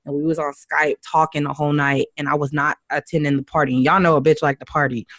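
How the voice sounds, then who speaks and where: A woman's voice: sits low, fast, no echo, studio quality. A young woman casually telling a story, acting out the quoted lines as she goes. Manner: animated storyteller who acts out quotes with laughs. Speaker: guest's wife on a podcast.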